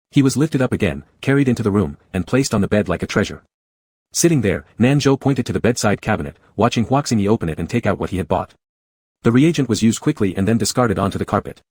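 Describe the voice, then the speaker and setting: A man giving an even, unhurried scripted narration of a romance story. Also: lowish voice, husky, no echo.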